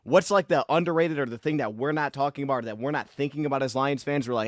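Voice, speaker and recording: Quick chatty dude hosting a football podcast, dry close audio. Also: male voice, mid-range voice, dry recording. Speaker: podcast co-host, Lions fan. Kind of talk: casual sports podcast chat.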